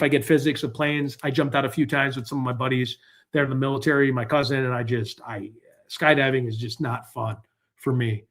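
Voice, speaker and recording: A man hosting a casual live stream, rambling and talking to his viewers while he searches online. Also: mid-range voice. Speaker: livestream host. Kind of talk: casual livestream chat.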